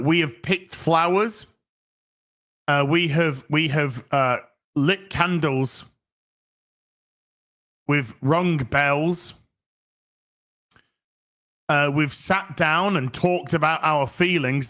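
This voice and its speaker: A British man hosting a ranting commentary, with a sarcastic, scornful, deadpan delivery. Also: fairly high pitch. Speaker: host.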